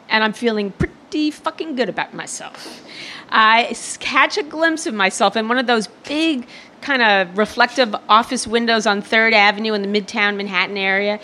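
Woman storyteller, slightly high and bright voice, self-mocking and foul-mouthed, faint hiss behind. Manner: self-deprecating, profane. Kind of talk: comic true-story monologue.

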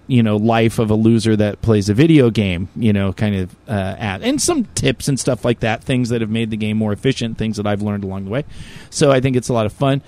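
A man's voice: medium pitch, darkish tone. A man telling a story in casual chat, rambling and full of fillers and swearing, with heated, raised bursts when he quotes himself.

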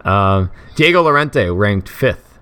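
A man's voice: lowish voice, lively intonation, takes it slowly, bright, forceful tone, clear, resonant tone. A man co-hosting a podcast, chatting casually and jokingly with lots of fillers and restarts. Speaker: podcast co-host. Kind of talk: casual chat about fantasy football.

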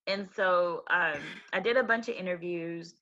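Woman, interview guest, animated slangy storyteller, bright, slightly low, dull lo-fi sound. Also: normal speed. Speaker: guest, commercial banker and author. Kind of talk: casual interview chat.

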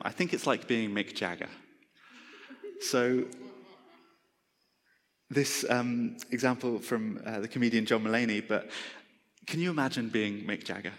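Preacher in an echoing hall. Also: male voice, fairly low pitch. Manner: conversational, self-deprecating humour. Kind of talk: sermon. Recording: long reverb of a large hall.

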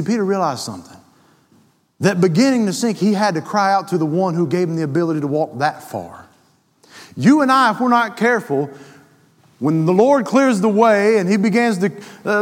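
A man preaching a sermon in a folksy way, building to impassioned climaxes. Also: sits high. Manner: rising to impassioned, near-shouted climaxes; folksy, calls listener brother. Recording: long hall reverb.

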